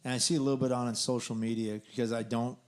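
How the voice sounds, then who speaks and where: Rambling mid-pitched podcast co-host. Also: male voice, little pitch movement, fast talker, a little mellow, clear, resonant tone. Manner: rambling, trailing off, many restarts. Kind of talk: casual chat.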